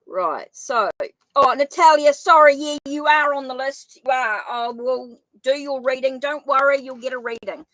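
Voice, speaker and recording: A woman's voice: sits high, normal speed, a bit bright, dry recording, rough recording. A woman hosting a live tarot reading stream, apologizing and thinking aloud as she types up viewers' names in a casual chat. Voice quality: says she has a funny accent.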